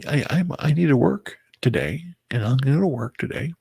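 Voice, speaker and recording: A very tired man talking to his viewers in a halting personal monologue, often stumbling and restarting his words. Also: medium pitch, lively intonation, vocal fry, mellow, husky, no room sound. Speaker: vlogger. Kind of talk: rambling personal monologue to camera.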